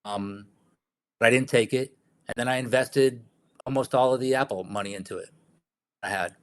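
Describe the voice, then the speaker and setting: A man's voice: mid-range voice, normal speed, no echo. A man guest in a casual investing chat, recalling his experience in a rambling way with many fillers. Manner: rambling, filler-heavy recollection.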